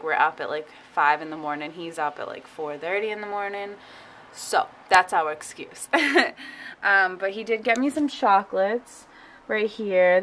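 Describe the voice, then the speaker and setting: Chatty young woman vlogging, fairly low voice. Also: fairly bright tone, a little hiss or hum, rough recording. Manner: chatty, giggly, lots of filler "like". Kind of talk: casual vlog chat.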